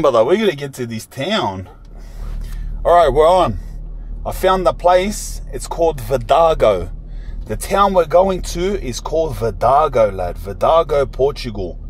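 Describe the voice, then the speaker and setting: A young man, vlogging while he drives and joking about it in heavy slang. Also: fairly high pitch. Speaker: travel vlogger. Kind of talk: casual self-filmed driving commentary. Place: inside a moving car. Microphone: phone camera. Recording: road and engine noise from a moving car.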